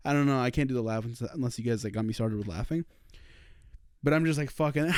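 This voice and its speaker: A young man co-hosting a podcast, telling a story in casual chat, animated and swearing, laughing often. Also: on the high side, fast talker, clear, resonant tone, no room sound. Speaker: podcast co-host.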